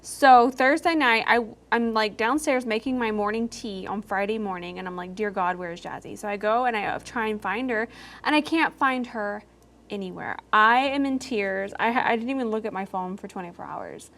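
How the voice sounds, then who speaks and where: A woman's voice: mid-range voice, fairly bright tone. A young woman vlogger chatting and telling a story while doing her makeup, chatty and giggly. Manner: chatty and giggly, quick storytelling with quoted asides. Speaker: beauty vlogger.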